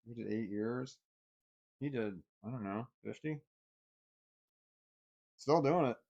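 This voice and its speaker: A middle-aged man telling a personal story in a blunt, heavily profane way, swinging between anger and quiet bitterness. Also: medium pitch, slow pace, creaky, lo-fi sound.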